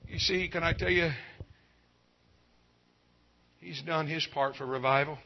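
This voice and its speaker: A man preaches a revival sermon in a fairly high voice. He swings from hushed pleading to loud, ringing exclaims and draws out his key phrases. The sound is dull and lo-fi. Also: fairly even intonation, measured pace, gravelly.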